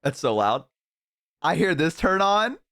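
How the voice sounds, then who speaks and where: A man streaming and telling a story casually to his chat, swearing often and bursting into loud laughter. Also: a little high, big pitch swings, measured pace. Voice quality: profane, laughs hard and loud. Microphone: headset.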